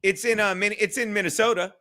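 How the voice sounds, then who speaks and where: A man's voice: high-pitched, steady tone, fast talker, bright, forceful tone. A man hosting a casual livestream chat, loose and profane, reading viewer comments aloud. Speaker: livestream podcast host.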